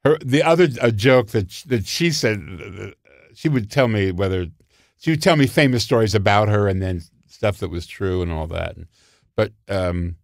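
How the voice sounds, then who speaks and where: A man telling show-business stories in casual conversation, animated and theatrical, acting out quotes. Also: low voice, no echo, clean studio sound. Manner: animated, theatrical storyteller who acts out quotes. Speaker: guest storyteller.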